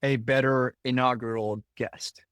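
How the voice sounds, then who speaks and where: A man hosting a podcast, thinking aloud in a halting, reflective way, with many restarts. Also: mid-range voice, steady tone, a bit bright, smooth, dry recording. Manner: reflective, halting, laughs often. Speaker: podcast host. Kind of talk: podcast interview.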